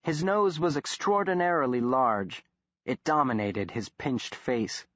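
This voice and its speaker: A man narrating an audiobook in a measured, steady storytelling manner. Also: medium pitch, no room sound, lo-fi sound. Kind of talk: scripted narration.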